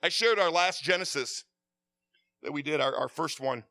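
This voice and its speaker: High, bright male preacher, impassioned sermon delivery, stammers, swings from hushed to shouting. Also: normal speed, no room sound.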